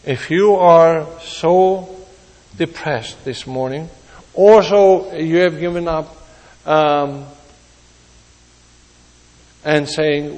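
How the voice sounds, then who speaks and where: Male preacher mid-sermon, high-pitched, slow and emphatic, voicing the quoted speakers, in a reverberant church hall. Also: darkish tone. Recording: long reverb of a large hall.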